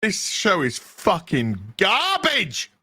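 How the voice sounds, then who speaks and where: A man reviews a show in a sarcastic, profane rant. He speaks slowly, but his pitch swings a lot, and his tone is bright and forceful. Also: huge pitch swings, husky. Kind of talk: ranting review vlog.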